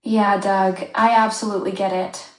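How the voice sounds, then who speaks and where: A woman's voice as an AI companion, giving smooth, agreeable, apologetic conversational replies. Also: medium pitch, flat delivery, normal speed, echoey room, rough recording.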